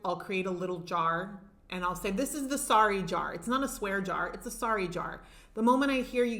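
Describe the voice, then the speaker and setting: A middle-aged woman speaks straight to camera as a life coach, her voice bright and forward. She talks with punchy emphasis and slows down to stress the words that matter. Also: lowish voice. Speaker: life coach and retreat leader. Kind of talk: motivational talk to camera.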